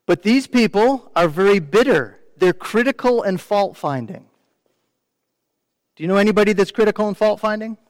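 A man's voice: sits high, animated, normal speed, dry recording, in a large hall. A man preaching a sermon in a conversational way, often asking the congregation questions and mimicking complainers. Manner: mimics complainers in quoted asides. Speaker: pastor.

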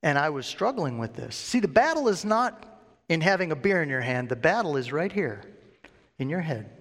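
A man's voice: on the high side, sing-song, normal speed, fairly bright tone. A man preaching a sermon built on his own testimony, earnestly putting questions to his listeners and acting out his past thoughts. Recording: long hall reverb.

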